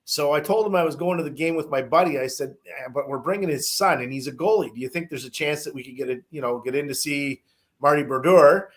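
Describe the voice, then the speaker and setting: A man's voice: a little high, fast. A man telling a long casual story, rambling with many restarts, fillers and some swearing.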